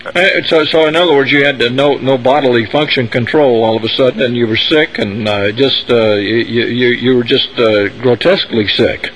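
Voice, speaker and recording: A man's voice: medium pitch, moderate pace, hardly any pauses, fairly bright tone, poor audio. A man hosting a radio talk show, interviewing a guest in a hesitant way full of fillers and restarts.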